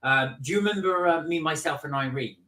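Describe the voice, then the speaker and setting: A man's voice: on the high side, brisk, pushed and bright, far from the mic. Chatty man on a roomy live stream. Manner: chatty, rambling, with laughs and retold anecdotes. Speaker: vlog co-host. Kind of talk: casual live-stream chat.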